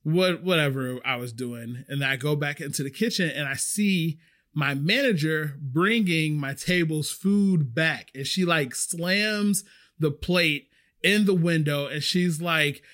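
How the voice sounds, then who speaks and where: A man's voice: fairly high pitch, unhurried. A man hosting a podcast, telling stories casually and acting out the people in them. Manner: animated, acts out the voices of people in his stories. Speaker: podcast host. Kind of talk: casual storytelling.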